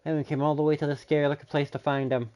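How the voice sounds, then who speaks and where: A man voicing a frantic young male civilian searching for a lost friend, with a shrill, wailing delivery that swings between laughing and sobbing. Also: level tone, very fast, darkish tone, lightly acted. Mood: anxious.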